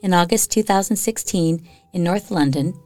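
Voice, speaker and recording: A woman's voice: lowish voice, normal speed, mellow, dry recording, faint music behind. A woman from Iowa hosting a podcast, reading spooky stories in a chatty way with casual asides. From Iowa, USA. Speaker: podcast host.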